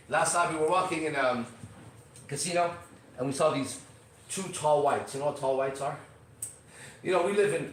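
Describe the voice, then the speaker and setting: Brash podcast host, man, profane and cocky, bursts of shouting, in a very echoey room. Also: far from the mic. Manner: brash, swaggering, profane, swings from loud outbursts to low asides. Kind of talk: profane motivational podcast rant. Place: Las Vegas.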